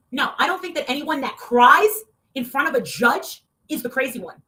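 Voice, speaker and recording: A woman talking in a heated, casual rant, swearing often and breaking into loud outbursts. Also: high voice, animated, normal speed. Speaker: online show guest.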